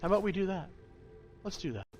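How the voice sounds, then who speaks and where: A man's voice: sits high, lively intonation, fast talker, darkish tone, soft background music. A young man giving casual, rambling tutorial commentary while playing a factory-building game, with self-deprecating asides. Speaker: gaming YouTuber.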